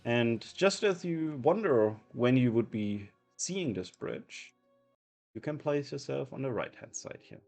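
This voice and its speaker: A man narrating a tabletop game as game master, halting and repeating words often. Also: medium pitch, expressive, darkish tone, soft background music.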